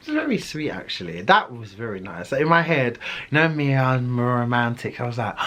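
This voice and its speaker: A young man telling a storytime story in a dramatic, animated way. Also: medium pitch, fairly quick, slight background noise. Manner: animated, dramatic, shrieks and laughs. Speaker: vlogger. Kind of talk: storytime vlog.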